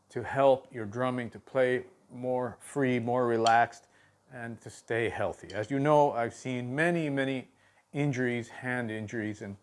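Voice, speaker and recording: A male drum teacher explains technique on video at a slow, unhurried pace. His voice sits at a middle pitch, and he talks haltingly, restarting phrases and filling gaps with "uh". He counts the strokes out loud as he demonstrates. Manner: halting, with many fillers and restarts, counting aloud. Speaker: drum instructor.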